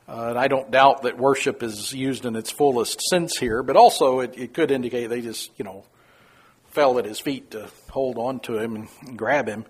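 A man's voice: moderate pace, breathy edge. A man teaching a Bible study in a folksy, chatty way, chuckling often and acting out quotes. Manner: folksy, chuckling, acts out quoted lines in a high voice.

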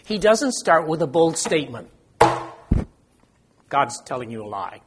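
A man's voice: a little high, very animated, unhurried, very noisy. An older man leading an informal Bible study, talking conversationally, quizzing the group and joking about his own memory. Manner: conversational, asks the group questions, self-deprecating.

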